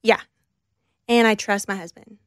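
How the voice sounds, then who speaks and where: A woman's voice: medium pitch, moderate pace, no echo, studio quality. A young adult woman, a guest in a conversational interview, speaking in an earnest, reflective way with frequent fillers.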